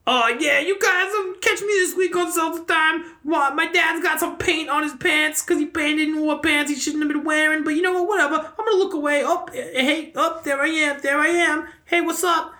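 A woman voicing her pet cat Larry, a grumpy male cat with an odd accent, speaking in a silly high voice. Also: moderate pace, hardly any pauses, pushed and bright. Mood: chatty. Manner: high put-on voice, chatty and silly. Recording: roomy echo.

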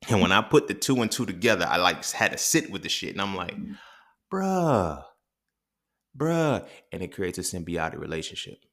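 A man talks through an impromptu solo podcast episode, rambling, restarting and cursing freely. His voice sits very low, with a gravelly, fry-laden edge. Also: fast talker, bright, forceful tone. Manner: casual, profane, rambling with restarts. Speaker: podcast host. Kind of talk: impromptu monologue.

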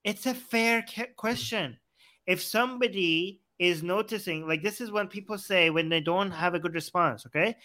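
A man with a high, bright, keen voice hosts a heated debate. He cuts in often and presses his point insistently, talking over the other side. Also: moderate pace. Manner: insistent, interrupting, argumentative; mocks his opponent's words in a put-on voice. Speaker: debate show host.

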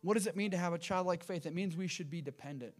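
A middle-aged man preaches a sermon in a church sanctuary. His voice sits a little higher than most men's. He tells a story earnestly and drives points home by repeating them. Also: fast, faint music behind. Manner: earnest storytelling with emphatic repetition. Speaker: pastor.

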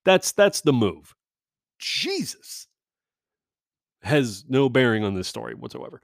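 A man hosts his show and tells a story in a loose, profane way, laughing as he goes. His pitch jumps around a lot. The sound is dry and close. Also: no room sound. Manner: profane, animated, laughs often. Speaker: podcast host. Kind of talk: casual storytelling monologue.

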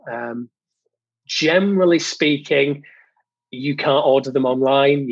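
Husky man, modest and halting. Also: mid-range voice, no echo, lo-fi sound. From United Kingdom. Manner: hesitant, many ums, modest. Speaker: guest, jingle company owner. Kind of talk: casual interview chat.

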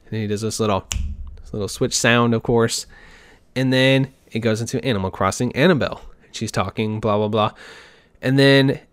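A man's voice: mid-range voice, steady tone, moderate pace, clear, resonant tone, no echo. Rambling casual man, dry close sound. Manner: rambling, self-interrupting, mock-acts fan reactions. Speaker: gaming podcast host. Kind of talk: casual solo commentary. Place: home desk.

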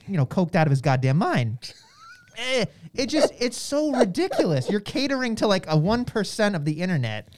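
A woman's voice: mid-range voice, a little fast. A woman co-hosting a podcast, chatting casually and ranting with strong opinions. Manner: animated ranting, acts out quotes in mock voices. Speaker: podcast co-host.

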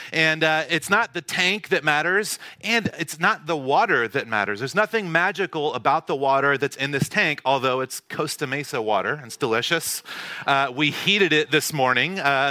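A man preaches in a relaxed, conversational way, slipping into the voices of his family as he tells a story. His voice is bright and forward, and the sound is dry, close to the mic. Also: fairly high pitch, no room sound. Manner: casual storytelling, acts out dialogue. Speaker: pastor. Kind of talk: sermon with personal story. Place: church hall.

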